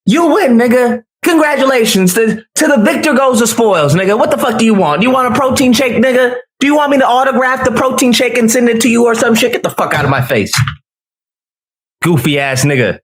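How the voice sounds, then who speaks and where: A man on a loud, profane rant, mocking and cursing at someone who disagrees with him. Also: sits high. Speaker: online commentator.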